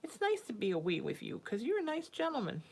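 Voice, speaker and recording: A woman's voice: a little high, wildly swooping pitch, quick pace, vocal fry, a little mellow, slightly rough. A woman psychic hosting a casual livestream from home. She chats with viewers and coos sing-song baby talk to her cat.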